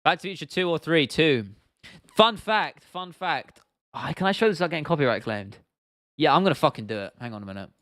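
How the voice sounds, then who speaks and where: A man's voice: on the high side, expressive, very fast, fairly bright tone, no room sound, studio quality. Blunt, slangy young British man streaming. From United Kingdom. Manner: blunt, slangy, swears freely, trails off into restarts. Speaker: livestream host. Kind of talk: casual livestream Q&A chat.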